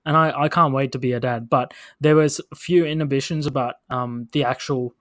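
Earnest Indian-accented podcast co-host, dry sound. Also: male voice, medium pitch, steady tone, brisk, no echo. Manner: earnest, reflective, a little hesitant. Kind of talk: casual podcast chat.

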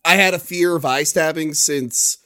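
A man co-hosting a casual movie review podcast in a high voice. He makes jokes by comparing films and acting out the characters. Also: moderate pace, sharp tone. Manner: joking, acts out comparisons. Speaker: podcast co-host.

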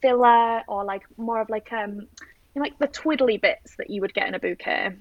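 A woman's voice: on the high side, moderate pace, no room sound, highs cut off. A woman talking casually about her flower farm, chatty and full of fillers and restarts. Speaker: guest flower farmer. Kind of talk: casual podcast chat.

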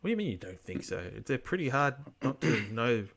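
A man's voice: mid-range voice, very animated, a little fast, fairly bright tone. Blunt rambling Australian man. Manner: rambling, blunt, swears casually. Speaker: podcast co-host. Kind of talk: casual chat.

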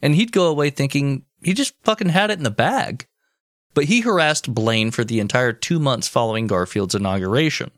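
A man's voice: medium pitch, brisk, no echo, studio quality. A man co-hosting a podcast, telling a history story in casual chat, swearing freely. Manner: swearing, animated, deadpan jokes. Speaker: podcast co-host.

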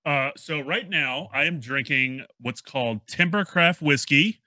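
A man's voice: fairly high pitch, a little slow, sharp tone, dry recording. A young man hosting a podcast, chatting casually and rambling with lots of fillers. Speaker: podcast host. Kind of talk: casual chat.

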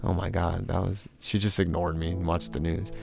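A man's voice: low-pitched, level tone, moderate pace, creaky, a little mellow, faint music behind. A man from California casually telling a rambling, profane personal story, full of fillers and acted-out quotes. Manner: acts out quotes in a raised, mocking voice.

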